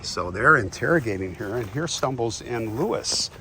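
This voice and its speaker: Animated male history storyteller. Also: mid-range voice, moderate pace, slight background noise. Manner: animated, acts out quotes in passing. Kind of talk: casual dramatic retelling.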